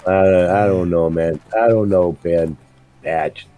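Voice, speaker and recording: A man's voice: low-pitched, fairly even intonation, slow, dark tone, rough recording. A middle-aged man streaming a game, telling blunt, profane stories in casual chat. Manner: blunt, profane storytelling with laughs. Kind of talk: casual chat while gaming.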